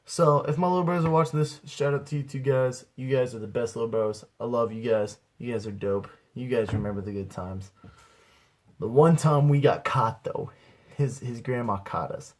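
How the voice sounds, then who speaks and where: A man's voice: mid-range voice, moderate pace. A young man casually telling a rambling, profane anecdote to his viewers as a beginner comedy vlogger. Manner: rambling, profane, laid-back.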